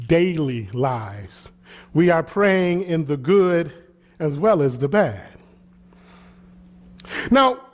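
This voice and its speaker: A man, the pastor, preaching a sermon with swelling emphasis and repeated phrases. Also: high voice.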